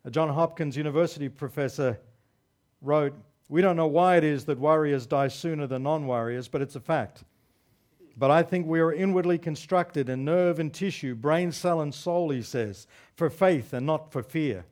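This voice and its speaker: A man preaching a sermon to his congregation. His voice sits a little higher than most men's. He drives his points home with repeated refrains and a string of rhetorical questions. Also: normal speed, a little mellow. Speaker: pastor.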